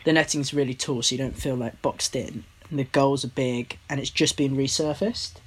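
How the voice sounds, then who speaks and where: A man's voice: medium pitch, fairly even intonation, husky. A man hosting a casual chat, talking loosely and swearing now and then. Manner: chatty, swears casually, quick reactions. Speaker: podcast host.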